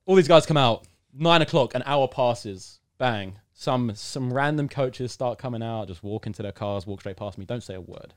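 A young man tells a long story in a casual interview, acting out each person in it. His voice sits at an average pitch. The sound is dry and close, with no room echo. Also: moderate pace. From United Kingdom. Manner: animated storyteller, acts out quotes, bursts into loud excitement. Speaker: podcast guest.

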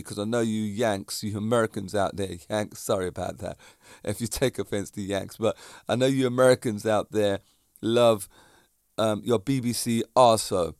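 Man, fitness instructor, chatty monologue, digressive, middle pitch, dry close sound. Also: no room sound. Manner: chatty and digressive, addressing viewers directly. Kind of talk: casual monologue to camera.

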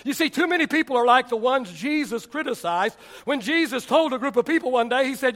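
A pastor preaches a sermon, telling stories and performing the voices of the people he quotes. His voice is very high and a little fast, with hardly any pauses. It's animated, storytelling preaching.

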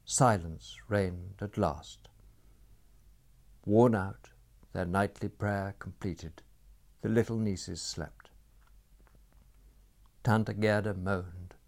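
A man narrating a story in a dry, measured storytelling manner. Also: deep voice, gravelly.

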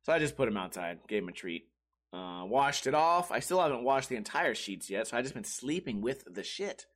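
A man's voice: medium pitch, big pitch swings, fairly quick, fairly bright tone. A man hosting a solo comedy podcast, rambling in a profane, sarcastic way and slipping into mocking quoted voices. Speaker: podcast host.

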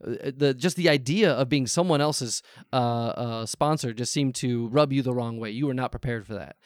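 A man's voice: mid-range voice, moderate pace, no room sound, studio quality, natural voice. A man playing a stammering, flustered advice-show host. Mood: soothing. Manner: nervous, stammering, overly polite. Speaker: improv comedy host. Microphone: video call.

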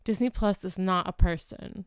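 A woman in her thirties co-hosting a podcast, chatting casually and filling her sentences with "like." Her voice sits a little low for a woman and comes through very clear. The sound is dry and close, with no room behind it. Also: moderate pace, dry recording. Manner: chatty, lots of "like" fillers. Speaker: podcast co-host. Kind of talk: casual chat recapping a sitcom.

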